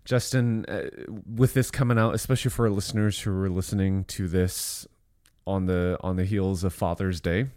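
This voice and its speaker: A man's voice: sits low, fairly even intonation, moderate pace, darkish tone, no room sound, studio quality. A man hosting a podcast, asking questions in an encouraging way. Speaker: podcast host. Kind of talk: podcast interview.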